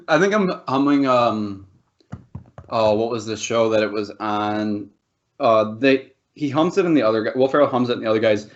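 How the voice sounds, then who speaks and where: A man's voice: medium pitch, animated, normal speed. A man co-hosting a podcast, rambling and laughing through loose banter with plenty of swearing. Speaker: podcast co-host. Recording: dull lo-fi podcast audio.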